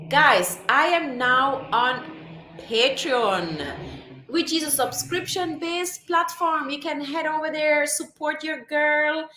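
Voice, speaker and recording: Woman chatting slowly on a livestream, kinda high voice, lots of laughs, echoey room. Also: bright, forceful tone. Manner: chatty, laughs often, reads viewer comments aloud. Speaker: livestream host. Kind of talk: casual livestream chat.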